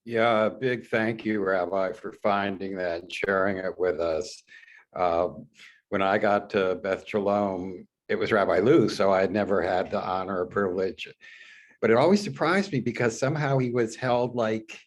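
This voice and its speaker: A man's voice: lowish voice, normal speed. Guy in a lunch study group, rambles a bit, gets passionate about his opinions. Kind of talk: casual group discussion.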